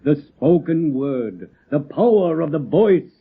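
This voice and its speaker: An elderly circus clown who once trod the boards, theatrical and courtly in every phrase. His somewhat high voice swings through a wide, lively range and has a slightly husky edge. The sound is narrow and phone-like, as on an old radio broadcast. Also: takes it slowly, full character voice. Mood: genial. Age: older. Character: elderly male circus clown, former stage actor. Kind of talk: 1940s radio acting.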